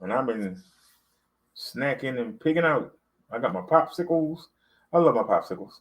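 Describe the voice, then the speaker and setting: A man's voice: medium pitch, animated, moderate pace, low-quality recording. A man, talking to camera in a loose, rambling vlog, full of fillers and repeats. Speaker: vlogger. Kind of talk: casual talk to camera.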